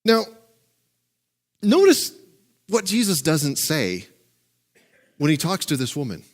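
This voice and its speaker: A male pastor preaching a conversational, animated sermon with asides and chuckles. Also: on the high side, takes it slowly.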